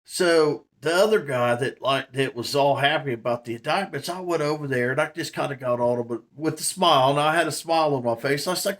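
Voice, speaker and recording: Casting: man, somewhat high voice, loose rambling vlog monologue. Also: a little fast, few pauses, a bit bright. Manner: rambling, many fillers and laughs. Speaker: vlogger. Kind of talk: casual storytelling monologue.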